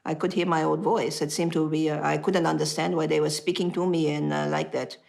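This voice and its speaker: Gravelly woman with an Italian-sounding accent. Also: deep voice, brisk. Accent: Italian-sounding, from foreign accent syndrome. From Australia. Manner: animated storytelling, restarts. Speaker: interviewee. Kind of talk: casual interview talk.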